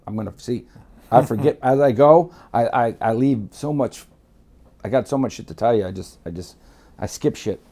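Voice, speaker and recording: A man's voice: medium pitch, moderate pace, warm tone. A man from Miami telling stories in a blunt, profane, rambling way. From Miami, USA. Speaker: guest storyteller. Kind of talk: candid storytelling.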